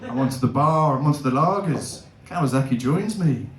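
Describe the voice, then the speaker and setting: Give me an animated young man doing stand-up comedy in an echoey room. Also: brisk. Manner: animated, laughing, big swings in pitch.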